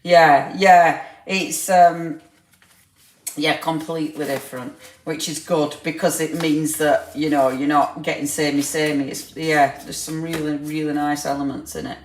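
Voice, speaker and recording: A woman chats to viewers on a crafting livestream, her voice sitting on the low side. She laughs often and teases them in a loose, friendly way. The room gives her voice a noticeable echo. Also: steady tone, a little slow, a little hiss or hum. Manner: chatty, laughs often, teasing. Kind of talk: casual live chat with viewers.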